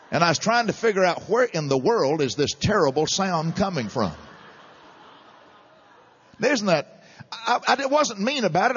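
A middle-aged man preaching a sermon, animated and chuckling between points. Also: high-pitched, in a large hall. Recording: dull lo-fi sermon recording.

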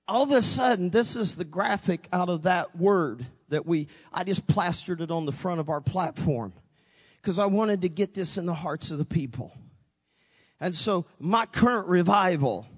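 Brief: male pastor, high voice, dramatic storytelling preacher, big reverberant hall. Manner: dramatic storytelling, acting out his own voice and God's with wide pitch swings. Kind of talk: sermon. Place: church sanctuary.

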